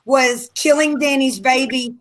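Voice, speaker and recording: A woman's voice: high voice, unhurried. A woman hosting a casual book club chat, relaying viewer comments and giving her opinions. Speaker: book club host reading questions. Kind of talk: casual group chat over video call.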